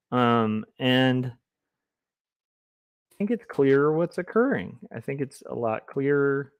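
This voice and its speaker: A man talks slowly and loosely on a drawing livestream, drifting between chat comments and his work. His delivery is goofy and rambling, with a dry, close sound and no room in it. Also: medium pitch, sing-song, no room sound. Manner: goofy, rambling, reads chat aloud, tries silly voices. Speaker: comic artist livestreamer.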